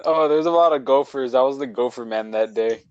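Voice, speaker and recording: A man's voice: medium pitch, fairly quick, clean tone, lo-fi sound. A young man co-hosting a podcast, telling rambling stories to friends with a laugh. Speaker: podcast co-host. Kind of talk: casual storytelling among friends.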